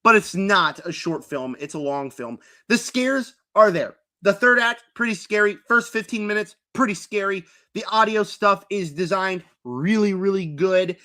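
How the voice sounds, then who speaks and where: With a high, bright, forceful voice at normal speed and hardly any pauses, a young man reviews movies on a live stream. It's casual, filler-heavy tier list rambling, with mocking impressions of characters in put-on quotes.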